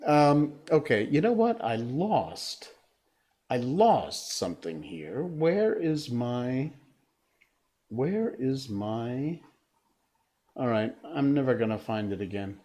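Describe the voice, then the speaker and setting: Slow, lively-voiced male livestream host. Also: medium pitch. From Cornwall, Connecticut, USA. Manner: enthusiastic, chatty, laughs easily. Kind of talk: casual livestream chat.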